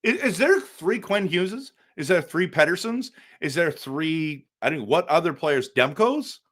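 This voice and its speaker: A man hosting a casual live stream for viewers, excitable and exasperated, breaking into loud outbursts. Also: a little high, moderate pace. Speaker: livestream host.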